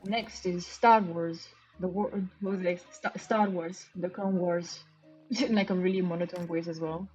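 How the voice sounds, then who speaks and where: A Romanian game streamer chats casually while she plays live, thinking aloud and gasping with delight. Her lowish, darkish voice is steady and unhurried, heard through dull lo-fi stream audio with faint music.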